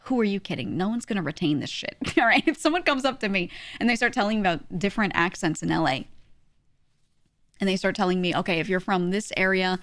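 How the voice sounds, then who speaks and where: A woman's voice: mid-range voice, lively intonation, fast, a bit bright, no room sound, studio quality. A woman streaming casually, rambling sarcastically with laughing asides as she reacts to her chat.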